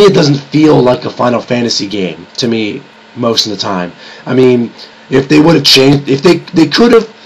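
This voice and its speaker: On a low-quality recording, a young man with a mid-range, slightly sick-sounding voice reviews games and albums for YouTube. He rambles casually and often restarts his sentences.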